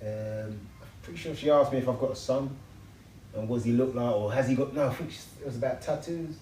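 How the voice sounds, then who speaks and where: Brief: lively, slangy male interview guest, mid-pitched, roomy sound. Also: quick pace, far from the mic, a little hiss or hum. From England. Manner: lively storyteller, slangy and upbeat. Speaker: interview guest, builder and TV personality. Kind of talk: casual interview chat. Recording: echoey room.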